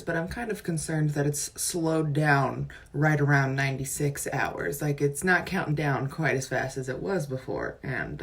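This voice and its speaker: A woman in her twenties ranting profanely in casual selfie videos, exasperated, filmed on a phone at arm's length. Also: low-pitched. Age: 20s. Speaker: vlogger.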